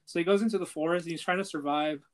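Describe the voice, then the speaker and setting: A man's voice: fairly high pitch, very fast. A young man casually retelling a story to a friend, loose and full of swearing and filler words. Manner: loose and profane, heavy on filler "like" and "he's like".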